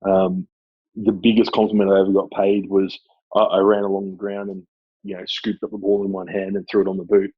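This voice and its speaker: A man with an Australian accent, a former club footballer, chatting casually as a guest and telling lively stories. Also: low-pitched, fairly quick, husky, no echo, dull audio. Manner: animated storyteller, laughs often. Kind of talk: casual chat.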